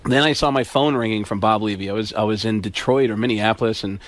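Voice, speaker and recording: Fast-talking male comedian guest. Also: on the low side, no room sound. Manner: quick, storytelling. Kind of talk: casual radio banter.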